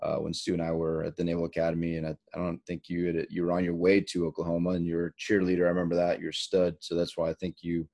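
A man's voice: low-pitched, monotone, fast talker, few pauses, dark tone. A middle-aged man co-hosting a podcast, talking in a rambling, joking way with many restarts. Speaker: podcast co-host. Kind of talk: casual interview chat.

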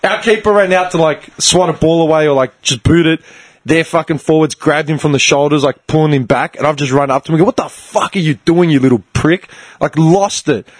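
Man, 30s, husky and fairly high-pitched, animated profane storyteller. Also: a little fast. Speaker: storyteller among friends. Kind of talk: casual chat.

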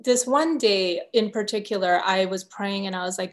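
A woman's voice: mid-range voice, moderate pace. A woman guest in a conversational interview, telling her story in an earnest, openly emotional way.

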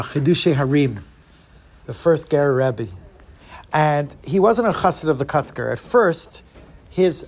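A man telling religious teaching stories with animated, dramatic delivery. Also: fairly high pitch. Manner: animated storytelling, lively dramatic shifts. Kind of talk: storytelling sermon.

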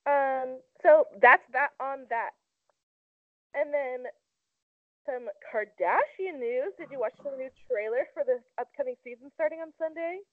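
A young woman with a high, slightly slow voice co-hosts a loose celebrity gossip chat, peppering her talk with "like." The recording is dry but has a tinny, phone-like quality, and her manner is chatty.

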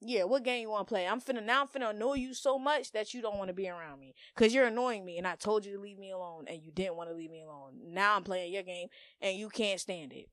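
A young woman hosts a podcast in a casual monologue, her medium-pitched, somewhat bright voice moving fast. She gives blunt, profane, emphatic advice in slangy talk. The recording is dry and studio quality.

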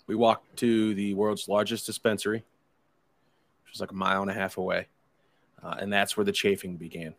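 Low-voiced man telling a rambling story. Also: little pitch movement, fairly quick, long pauses. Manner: rambling, profane, acts out friends' lines. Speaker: podcast host telling a story. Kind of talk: casual storytelling chat.

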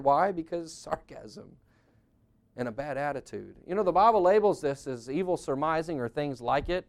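A man's voice: fairly high pitch, lively intonation, moderate pace. A middle-aged man preaching a conversational sermon on marriage, earnest and plain-spoken, often acting out what spouses say. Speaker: pastor.

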